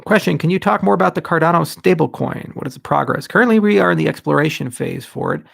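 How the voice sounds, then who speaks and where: A man's voice: a little high, sing-song, fast, vocal fry, a bit bright, dry recording, clean studio sound. A man answering viewer questions on a livestream, candid and blunt with rambling asides. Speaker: tech company founder answering questions.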